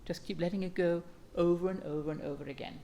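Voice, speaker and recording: Low, gravelly woman giving a calm dharma talk. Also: slight background noise. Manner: calm, gentle, unhurried, with reflective pauses.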